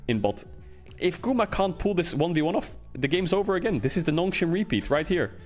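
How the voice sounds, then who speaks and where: A man's voice: a little high, very animated, brisk, soft background music. A man streaming casual game commentary, ranting and swearing, with lots of emphatic repetition.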